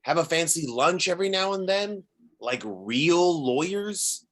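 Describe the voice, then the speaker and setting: A man's voice: on the high side, lively intonation, measured pace, fairly bright tone. A man reading a wisecracking lawyer sidekick. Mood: joking. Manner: sarcastic, incredulous quips. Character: Foggy, wisecracking male lawyer partner. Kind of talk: amateur script table read.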